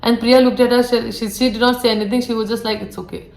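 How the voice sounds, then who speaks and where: A woman's voice: fairly high pitch, fast talker, echoey room, low-quality recording. A young woman, a former flight attendant casually telling a ghost story as she does her makeup, acting out the lines of the people in it. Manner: animated retelling, acts out quoted lines. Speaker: vlogger, former cabin crew. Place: indoor room, getting ready.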